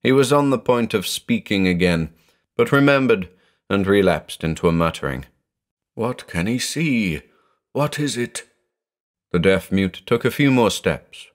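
A man with a very deep voice narrates a horror tale. He takes his time, letting each phrase land, and his pitch rises and falls with lively drama. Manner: dramatic, measured storytelling.

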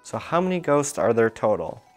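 A man's voice: mid-range voice, big pitch swings, moderate pace, a little mellow, soft background music. A man teaching toddlers a puzzle and simple sums, patient and encouraging, asking questions as he goes. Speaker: children's educator.

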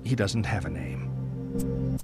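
An actor playing a calm, probing male therapist in a horror game, telling a story in a measured, detached way. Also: low-pitched. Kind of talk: scripted game dialogue. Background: loud game music.

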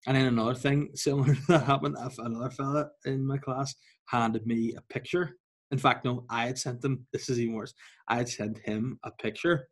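Husky young man telling a story. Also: medium pitch, a little fast. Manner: animated, laughing, acts out quoted voices. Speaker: podcast co-host. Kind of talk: casual storytelling chat.

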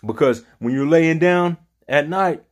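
A man's voice: fairly high pitch, a little slow. A man leading an informal Bible study, talking earnestly in a rambling way and often searching for his words.

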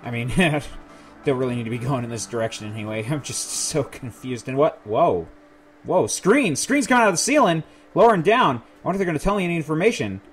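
A man playing a video game demo and commenting, confused and nervous, laughing to himself and breaking into high, panicked shouts when scared. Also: sing-song, a little fast, faint music behind. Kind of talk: let's play commentary.

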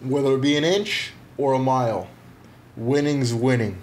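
A man's voice: mid-range voice, moderate pace, darkish tone, slight background noise. A man co-hosting a podcast in casual chat, cracking jokes and teasing his partner. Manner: joking, teasing banter. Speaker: podcast co-host.

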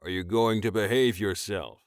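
A man's voice: no room sound, studio quality, lightly acted. A man voicing a towering, commanding alien master. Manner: slow, low, firmly in control. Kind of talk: audiobook character voice.

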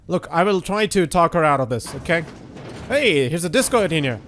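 A young man giving casual, excitable let's-play commentary while he plays, swearing and joking. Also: a little high, fairly quick. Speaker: gaming YouTuber.

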